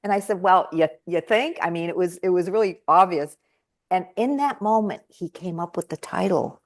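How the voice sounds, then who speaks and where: Woman guest, a touch low in pitch, animated storyteller who acts out her quotes. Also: normal speed. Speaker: guest speaker and trainer. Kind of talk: conversational storytelling.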